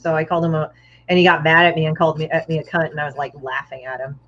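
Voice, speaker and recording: Woman guest, low-pitched, blunt and foul-mouthed storyteller, muffled lo-fi sound. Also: quick pace. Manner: blunt, profane storyteller who acts out other people's lines. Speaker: guest comic artist. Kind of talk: casual podcast chat. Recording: dull, muffled lo-fi audio.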